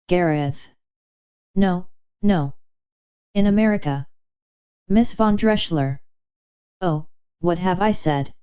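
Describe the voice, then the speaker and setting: A woman's voice: fairly low pitch, slow pace, pauses often, smooth, highs cut off. A woman reading the part of a young woman putting on a silly, flustered act, babbling breathlessly.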